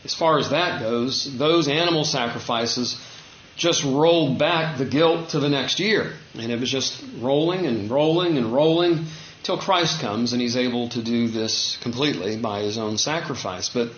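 A man preaching a sermon in a relaxed, conversational way, acting out quoted dialogue with his voice rising. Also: mid-range voice, moderate pace. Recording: dull echoey room recording.

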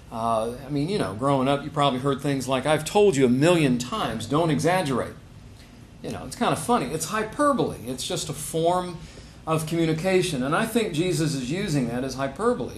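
A man's voice: a little high, slight background noise. A man preaching a sermon in a conversational way, rising to emphatic stresses on key phrases. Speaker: pastor.

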